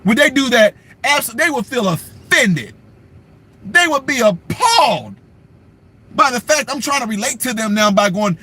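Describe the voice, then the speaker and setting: A man's voice: very high-pitched, animated, a little slow, pushed and bright, slight background noise. A man hosting a livestream commentary, rambling and sarcastic in a slangy style. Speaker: commentary channel host.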